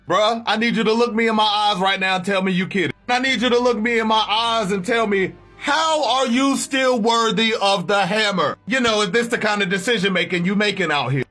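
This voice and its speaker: A man's voice: sits high, a little fast, hardly any pauses, sharp tone, soft background music. A man hosting a casual, slangy comic recap in a hyped way.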